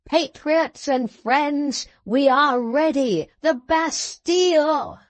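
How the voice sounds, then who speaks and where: A commanding revolutionary man , as a woman narrator puts him on, barking rousing orders over the crowd. The voice sits fairly high and is recorded close and dry, with the telling kept unhurried between the shouts. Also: no echo. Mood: rallying. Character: fierce male revolutionary wine-shop keeper, commanding.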